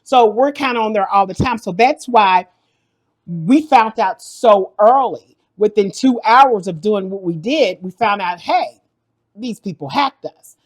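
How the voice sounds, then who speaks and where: A middle-aged woman, host of a cooking channel, tells in a lively vlog how her account got hacked, acting out the panic. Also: mid-range voice, a little slow. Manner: animated, acts out the panic in her story. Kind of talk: storytelling vlog.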